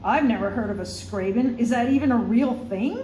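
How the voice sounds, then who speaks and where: A woman's voice: a little high, a little fast, mellow, lightly acted. Woman doing a blunt, puzzled young human girl. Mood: bewildered. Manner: blunt, questioning. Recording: roomy room, faint noise.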